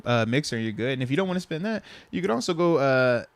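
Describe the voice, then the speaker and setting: A man's voice: medium pitch, lively intonation, quick pace. Laid-back man hosting sports talk. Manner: laid-back, slangy, says "bro" and "man". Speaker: podcast host. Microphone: lapel mic.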